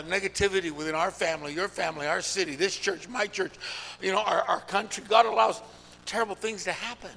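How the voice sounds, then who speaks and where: A middle-aged man preaching a sermon in a large church, calling out to the congregation and swinging between shouting and hushed talk. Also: sits high, vocal fry, slightly rough. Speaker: pastor. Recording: long hall reverb.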